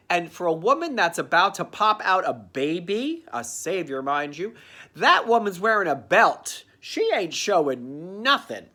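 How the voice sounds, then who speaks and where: A man giving a campy, sarcastic comedic recap of a cartoon, dropping into quick character voices. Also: high voice, wildly swooping pitch, sharp tone. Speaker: comedic reviewer.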